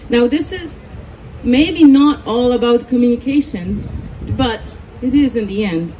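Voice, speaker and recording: A woman's voice: on the high side, a little slow, mellow, slight background noise, low-quality recording. A woman giving a live talk to a conference audience, explaining and demonstrating posture on a volunteer. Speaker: speaker at a conference.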